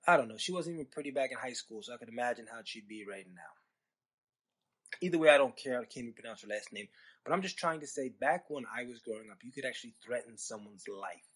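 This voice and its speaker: A man's voice: mid-range voice, quick pace, fairly bright tone, slightly rough. A man hosting a storytelling podcast, talking in a rambling, conversational way with sarcastic asides. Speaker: podcast host. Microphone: podcast microphone.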